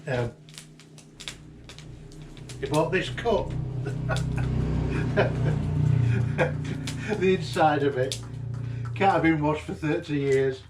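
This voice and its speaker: A man's voice: on the high side, takes it slowly, pauses often, over music. A man, fondly recalling a late friend in a rambling, chuckling way. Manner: fond, chuckling, loosely ordered storytelling. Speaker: vlogger sharing memories of a late friend. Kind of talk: rambling personal reminiscence. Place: inside an old house being cleared. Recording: roomy, distant mic, faint background noise.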